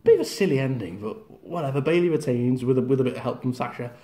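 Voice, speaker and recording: A man's voice: medium pitch, animated, quick pace, dark tone. A man giving a casual, rambling wrestling review, often acting out the wrestlers' lines.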